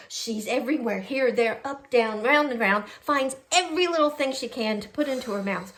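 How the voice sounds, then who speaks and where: A middle-aged woman hosting a casual storytelling vlog from home, animated and quick to act out quotes. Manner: animated, quotes people in a jumpy high voice. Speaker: host.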